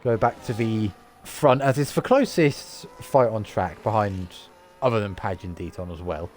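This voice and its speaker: A tired man from the UK giving lively, chatty live commentary on an online racing league and reading out lap times. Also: lowish voice, moderate pace, slight background noise. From United Kingdom. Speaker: race commentator.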